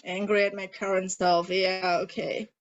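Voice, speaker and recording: A woman coach guiding a group tapping session in a calm way, asking the group questions as she leads them. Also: medium pitch, a little slow. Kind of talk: guided coaching instruction. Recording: dull lo-fi audio.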